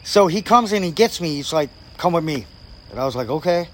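A man's voice: on the high side, expressive, brisk, slight background noise. A man telling a story in casual chat, swearing freely and acting out what people said. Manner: profane, acts out quoted people. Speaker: guest storyteller.

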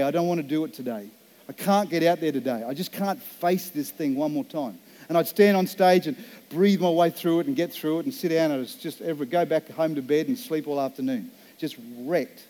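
A pastor delivers a sermon in a mellow, rather high voice. He tells a personal story slowly and earnestly, leaning into each phrase for emphasis.

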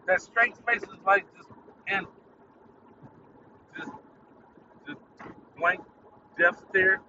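A man's voice: sits high, slow pace, recorded from a distance, dull audio, noisy background. A man hosting his own podcast, ranting in a rambling, irritated, profane way. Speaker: podcast host. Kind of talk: casual solo rant.

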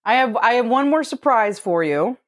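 A woman's voice: on the high side, lively intonation, normal speed, no room sound. Dry, matter-of-fact woman. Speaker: co-host presenting facts. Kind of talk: casual comedic chat, reading out facts.

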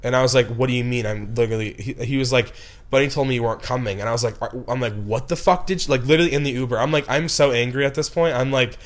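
A young man directing films spins a long, meandering story, piling on "like" and restarting his sentences. His voice sits at a middling pitch and rises into heated bursts when he gets worked up. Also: steady tone, racing. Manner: rambling, heavy with "like" and restarts, flares into angry outbursts. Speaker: film director. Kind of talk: casual storytelling.

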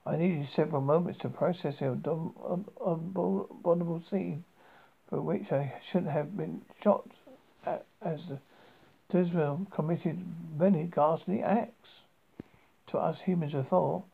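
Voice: mid-range voice, a little slow, vocal fry, slightly rough, narrow, tinny audio. A narrator reading a first-person story aloud in an amateur style, with frequent stumbles and restarts.

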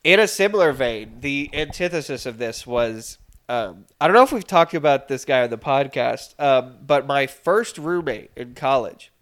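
A man's voice: medium pitch, lively intonation, normal speed, fairly bright tone. A young man co-hosting a podcast, telling a story in casual chat and mimicking voices in quotes. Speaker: podcast co-host.

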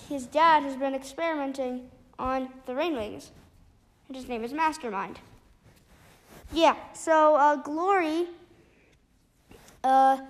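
A woman casually retelling a book's plot, halting often with restarts and fillers. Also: sits high. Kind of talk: casual spoken book recap.

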